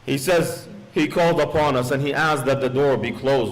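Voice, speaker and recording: A man's voice: mid-range voice, moderate pace, hardly any pauses, low-quality recording. A man preaching as a sheikh in a mosque, telling a solemn story and slipping into quoted Arabic phrases. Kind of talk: sermon.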